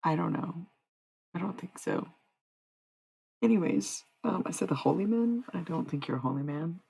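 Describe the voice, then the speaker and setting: A woman's voice: fairly low pitch, expressive, moderate pace, gravelly, mellow, husky, rough recording. A woman livestreamer in rambling casual chat, meandering and answering her chat as she goes. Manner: meandering, talks to chat, trails off.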